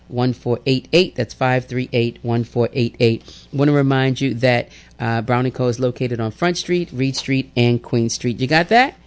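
A man hosting a radio show, reading announcements and giving a lively devotional that repeats phrases and calls listeners family. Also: medium pitch, smooth. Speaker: radio host.

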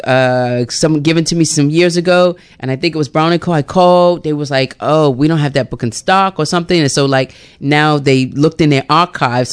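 Animated woman radio host. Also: deep voice, clear, resonant tone. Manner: animated, laughs often, acts out voices. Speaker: radio host running a book club hour. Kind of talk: casual radio chat.

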